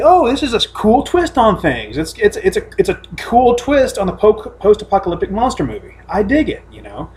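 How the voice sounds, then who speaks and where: A man co-hosting a casual podcast from home, telling stories in a rambling, profane way with many restarts. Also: high voice. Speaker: podcast co-host. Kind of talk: casual chat.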